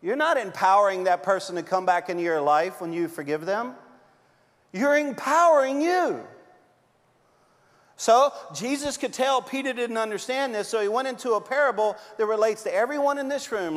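A man preaching a sermon as a pastor, telling stories with big swings from loud to hushed. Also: sits high. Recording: long hall reverb.

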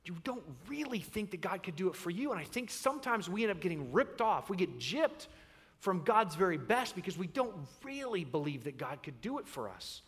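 Pastor, man, bright and high-pitched, animated storyteller, reverberant sanctuary. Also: a little fast, breathy edge. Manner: animated storyteller, acts out voices. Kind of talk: sermon. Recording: long reverb in a large hall.

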